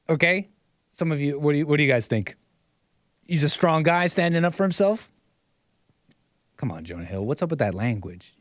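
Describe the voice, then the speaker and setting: A man's voice: on the high side, lively intonation, normal speed, long pauses, no room sound, clean studio sound. A man hosting casual online commentary, mocking and rambling, repeating himself and chuckling often.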